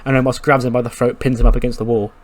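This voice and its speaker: Brief: casual male game commentator, animated and profane, middle pitch. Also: rapid-fire. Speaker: gaming commentator. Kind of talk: casual let's-play commentary.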